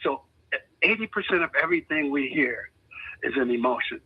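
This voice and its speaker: An older man from Buffalo, New York, a music producer, telling lively stories on a phone call and acting out what people said. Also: a little high, moderate pace, breathy edge. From Buffalo, New York, USA. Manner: animated storyteller acting out quotes. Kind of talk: storytelling over a phone call. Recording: muffled phone line.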